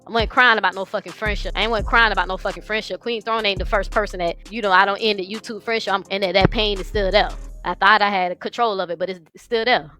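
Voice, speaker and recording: A woman's voice: medium pitch, fairly even intonation, fast, hardly any pauses, sharp tone, soft background music. A woman streamer venting through tears, swearing heavily, speaking. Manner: crying, swearing, raw. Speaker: live streamer. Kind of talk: emotional livestream rant.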